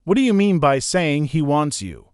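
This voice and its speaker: A man's voice: fairly high pitch, big pitch swings, moderate pace, clear, resonant tone, dry recording, studio quality. A male audiobook narrator voicing an anxious young man who implores urgently. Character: anxious young man devoted to his love. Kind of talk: audiobook character reading.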